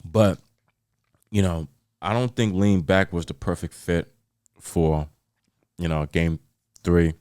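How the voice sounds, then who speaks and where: A man from New York hosting a podcast, venting about sports in a rambling, animated way with many repeats. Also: sits low, takes it slowly, long pauses, dry recording, clean studio sound. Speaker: podcast host. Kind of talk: casual solo podcast chat.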